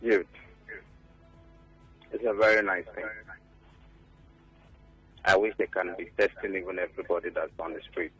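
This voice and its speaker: A man's voice: deep voice, fairly even intonation, normal speed, pauses often, fairly bright tone, slightly rough, soft background music, low-quality recording. A Nigerian man calling in to a radio show, speaking earnestly and repeating himself for emphasis. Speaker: phone-in caller.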